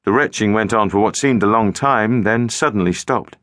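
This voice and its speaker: A man narrating a suspenseful audiobook in a measured storytelling manner, recorded in a studio. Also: on the low side, a bit bright, no echo. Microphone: studio microphone.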